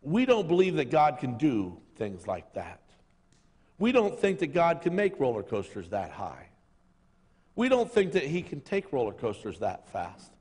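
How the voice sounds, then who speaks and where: Animated preacher in a reverberant hall. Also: male voice, mid-range voice, measured pace, husky. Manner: jokey storytelling, acting out voices. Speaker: pastor. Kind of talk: sermon. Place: church sanctuary.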